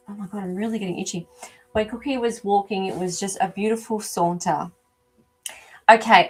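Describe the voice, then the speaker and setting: On a low-quality recording, a non-American woman with a fairly low-pitched voice runs a live animal communication show. She gives a live-stream reading for her viewers, speaking casually and thinking out loud, filling pauses with plenty of ums.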